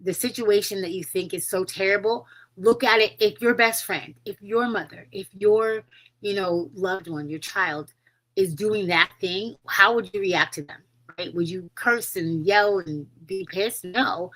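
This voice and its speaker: A woman's voice: medium pitch, unhurried, a bit bright, low-quality recording. A woman hosting her own podcast, talking casually and earnestly, with many fillers, and encouraging her listeners. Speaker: podcast host. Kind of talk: casual solo podcast talk.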